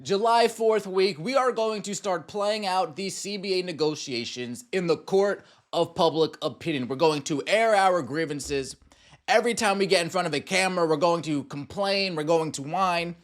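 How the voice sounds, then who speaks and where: A man hosts a sports podcast, his voice sitting high and his speed normal. He serves up opinionated takes, mocking the people he talks about and performing sarcastic voices.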